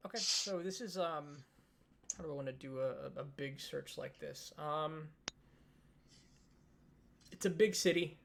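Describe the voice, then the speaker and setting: Gravelly-voiced male game master. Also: fairly high pitch, a little slow, long pauses, background noise. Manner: casual, many fillers, relaxed. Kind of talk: narrating a tabletop game.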